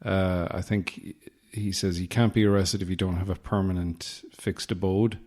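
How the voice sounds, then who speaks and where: A man hosting his own comedy podcast, rambling through deadpan absurd asides close to the mic. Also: low voice, a little slow. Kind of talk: solo comedic podcast monologue. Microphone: close podcast microphone.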